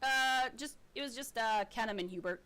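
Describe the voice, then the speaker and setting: A woman's voice: on the high side, normal speed, pushed and bright, clean tone. A woman narrating as game master of a tabletop game in a rambling, giggly way, full of fillers.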